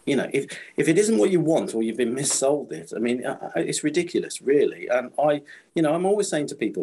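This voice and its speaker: A husky, slightly breathy British man in his fifties talks quickly in a casual podcast chat. He rambles, repeats himself and restarts sentences while telling animated stories. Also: mid-range voice. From Britain. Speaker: supplier to the screen printing trade.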